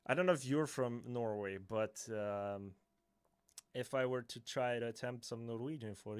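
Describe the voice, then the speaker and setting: A man's voice: medium pitch, a little slow, fairly bright tone, smooth, dry recording. Swedish man hesitantly chatting on a livestream. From Sweden. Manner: hesitant, filler-heavy, self-correcting, chuckling. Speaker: YouTuber answering chat questions. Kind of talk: casual livestream Q&A.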